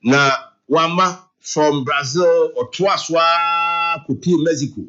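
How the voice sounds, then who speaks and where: A man with a Ghanaian accent hosting a radio talk show, mixing Twi and English in a lively way. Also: on the high side, takes it slowly. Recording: muffled radio broadcast with faint music.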